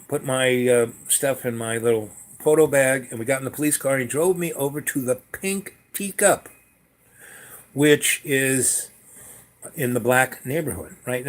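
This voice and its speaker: An older man with a mid-range, slightly bright voice tells a personal story casually. He rambles, filling it with fillers, restarts, and self-corrections.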